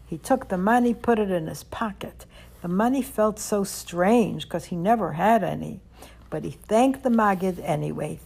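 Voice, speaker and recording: A woman reading a children's story aloud, gentle and expressive. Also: medium pitch, normal speed, creaky, husky.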